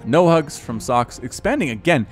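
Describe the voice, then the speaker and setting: A man in his thirties casts a video game match in a loose, chatty way, his voice jumping up in pitch and volume whenever a fight breaks out. Soft music plays quietly behind him. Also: normal speed. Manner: excitable, rises sharply in pitch and volume at big plays. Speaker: game caster. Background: faint background music.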